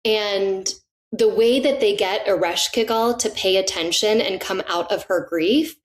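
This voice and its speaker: A middle-aged woman, a podcast guest and author, telling stories with enthusiasm in casual conversation. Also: mid-range voice. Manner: enthusiastic, animated, laughs often.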